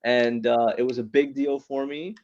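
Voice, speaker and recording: A man's voice: mid-range voice, little pitch movement, moderate pace, darkish tone, highs cut off. A man in his thirties doing a stand-up comedy set, rambling and conversational, often restarting his sentences. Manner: rambling, conversational, self-interrupting. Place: small open-mic venue, online.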